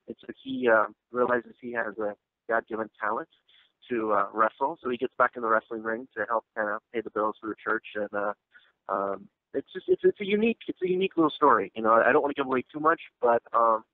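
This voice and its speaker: Fast-talking man on a phone line. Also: mid-range voice, lively intonation, no room sound. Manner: rambling, full of fillers and restarts. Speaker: actor and filmmaker guest. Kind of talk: casual interview storytelling. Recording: tinny dry phone line.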